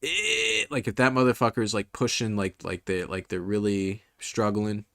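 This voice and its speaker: A man's voice: lowish voice, normal speed, gravelly, a bit bright, no room sound, clean studio sound. A man hosting a casual comedy podcast, rambling through fillers and restarts and laughing often. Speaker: podcast host.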